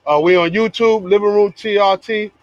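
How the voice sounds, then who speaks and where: A man co-hosting a casual podcast outdoors at night, excitable, yelling and laughing loudly. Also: high voice, moderate pace, no echo, highs cut off. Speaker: podcast co-host. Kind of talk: casual chat.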